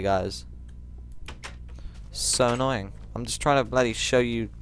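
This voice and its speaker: A man giving rambling let's play commentary, jumpy and quick to shriek when startled. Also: lowish voice, fairly bright tone, clear, resonant tone, dry recording.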